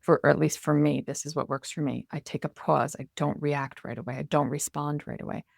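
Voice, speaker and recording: An expressive woman speaking as a coach in a conversational interview. Her voice sits low, with a noticeable gravelly fry. She is recorded in a dry, close space with no room echo. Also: fairly quick. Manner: animated and expressive, acts out inner self-talk. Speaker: podcast guest, communication coach.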